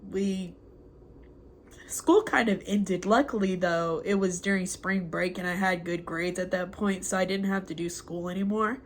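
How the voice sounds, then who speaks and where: A young woman slowly reading out a heartfelt spoken letter to a former mentor at home, halting and reflective, with many pauses. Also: fairly low pitch, fairly even intonation, a little hiss or hum. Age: young adult. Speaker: former student addressing a mentor.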